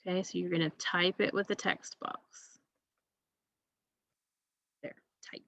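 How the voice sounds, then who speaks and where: A woman's voice: on the low side, little pitch movement, slow pace, creaky, a bit bright, no room sound, rough recording. A woman teacher giving a recorded class lesson to young students, patient and repetitive, checking understanding with frequent okays.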